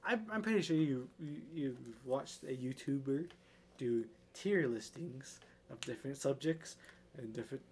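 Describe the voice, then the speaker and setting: A man's voice: medium pitch, expressive, moderate pace, a little mellow, a little hiss or hum. A young man co-hosting a casual podcast, rambling and restarting his sentences, often laughing. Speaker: podcast co-host. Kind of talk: casual chat.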